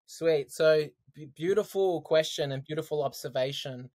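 A man, a podcast guest telling his story in casual, animated chat, laughing often. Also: on the high side, unhurried. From Australia.

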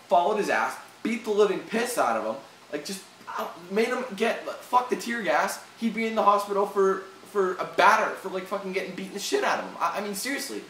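The angry rant vlog comes from a young Canadian man whose high, fairly bright voice turns heated and profane, with frequent restarts. An echoey room, a far-off mic and faint hiss color the recording.

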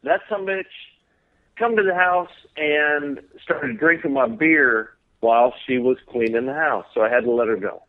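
Over a tinny phone connection, a man from Texas speaks at medium pitch and a moderate pace. He's a guest on a relaxed podcast, laughing as he tells a profanity-laced story.

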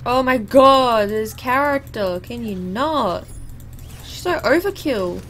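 A young woman talks through a match in a high, bright voice, reacting out loud and laughing as she plays. She takes her time with the words, and soft game music runs underneath. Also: animated, takes it slowly. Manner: chatty, exclaiming at the game, laughing. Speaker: gaming YouTuber. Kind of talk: live gameplay commentary.

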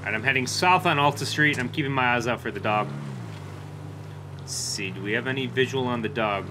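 A man's voice: medium pitch, fairly quick. A young man giving casual gameplay commentary, narrating his moves and talking to dispatch in police lingo. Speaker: gaming YouTuber playing a police officer. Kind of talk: casual gameplay commentary with in-character radio talk. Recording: clear game noise behind the voice.

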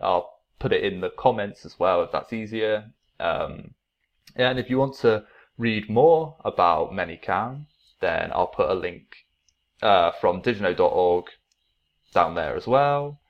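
Brief: male online teacher, low voice, unhurried tutorial delivery, dull lo-fi webcam sound. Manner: relaxed, repeats himself, acts out playful classroom exclamations.

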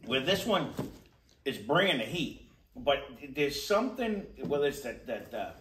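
A man's voice: mid-range voice, sing-song, a little slow, fairly bright tone, reverberant, far from the mic, slight background noise, rough recording. A man tasting and reviewing hot sauces in casual chat, his mouth burning, often restarting and repeating words as he searches for them. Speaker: food reviewer.

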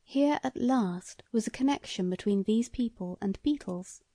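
Woman narrator, measured storytelling, mellow warm tone, dry close sound. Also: fairly high pitch, no echo. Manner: measured, even reading. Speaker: audiobook narrator. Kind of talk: scripted narration.

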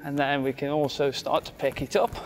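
A man's voice: a little high, flat delivery, fairly quick. A man leading a cardiac rehab exercise circuit, giving short counted cues while slightly out of breath. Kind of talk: coaching an exercise class. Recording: faint background music.

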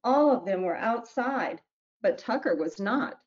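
A woman who wrote a children's book reads it aloud with gentle storybook narration and small slips, then talks about it. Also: on the high side, animated, measured pace, highs cut off. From New Mexico, US. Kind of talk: reading her picture book aloud.

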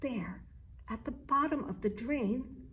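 A woman reading her own children's picture book aloud at an unhurried pace, slow and clear. Her voice sits a little high and stays gentle in its storytelling. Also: lively intonation.

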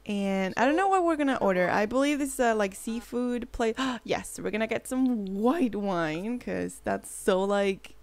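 A woman's voice: medium pitch, lively intonation, a little slow, few pauses, dry recording. A woman hosting a casual gameplay commentary, bubbly and rambling, often gasping and gushing as she talks. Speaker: let's play host.

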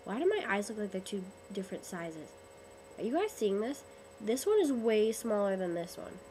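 A woman's voice: medium pitch, very animated, moderate pace, warm tone, a little hiss or hum, poor audio. A young woman who is sick and losing her voice, chatting in a rambling, casual webcam vlog. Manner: chatty, rambling, lots of ums. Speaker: vlogger.

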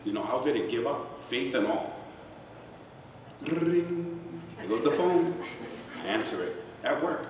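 A middle-aged man with a mid-range voice and lively intonation speaks a little slowly as a guest at a charity celebration, sharing an emotional personal testimony in a heartfelt, conversational way and choking up at times. It's captured in an echoey large event hall through a distant mic, with background noise.

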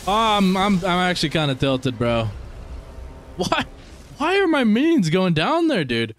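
Excitable young man streaming a game. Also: high voice, measured pace, a little hiss or hum. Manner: excitable, swears a lot, talks to viewers. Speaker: gaming streamer. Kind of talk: casual gameplay commentary.

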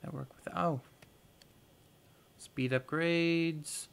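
A man's voice: a little high, fairly even intonation, extremely slow, creaky, clean tone. A man hosting a gaming video, giving casual let's-play commentary and thinking aloud with playful, goofy exclamations.

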